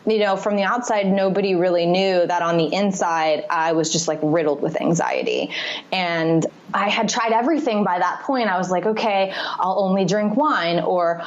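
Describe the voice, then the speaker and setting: A woman's voice: lowish voice, expressive, normal speed. Candid woman telling her recovery story. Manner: confessional, rambling, frequent "like" fillers. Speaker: podcast guest. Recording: slightly muffled podcast audio.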